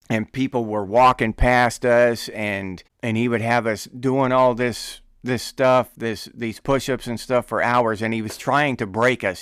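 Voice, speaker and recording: A middle-aged man hosting a podcast, telling an army story in a casual, animated way, often laughing and acting out shouted quotes. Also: mid-range voice, clean tone, no room sound, clean studio sound. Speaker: podcast host.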